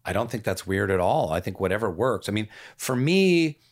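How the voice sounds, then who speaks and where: A man speaking as a podcast guest, calm and musing, sometimes trailing off softer. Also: fairly low pitch, moderate pace. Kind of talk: reflective conversational talk.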